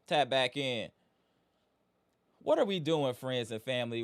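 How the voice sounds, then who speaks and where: A man's voice: high voice, animated, moderate pace. A man hosting a live sports fan stream, greeting viewers by name and venting about his team's loss. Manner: hype, greets chat by name, frustrated. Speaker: livestream host.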